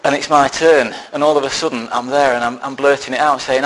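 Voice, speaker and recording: A man's voice: medium pitch, fairly even intonation, brisk, a bit bright, poor audio. Man telling a humorous sermon story. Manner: self-deprecating storytelling with dry humour. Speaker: lay preacher.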